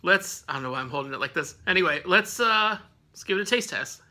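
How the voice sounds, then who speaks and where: A man's voice: high-pitched, animated, fast talker, bright, forceful tone. A man hosting a casual snack review vlog at home, rambling with lots of fillers and laughing often.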